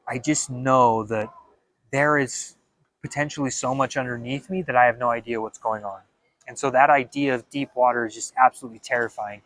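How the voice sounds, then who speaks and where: A young man talking in a casual vlog monologue, animated and dramatic, with frequent stammered restarts. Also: mid-range voice, dry recording. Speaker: vlogger.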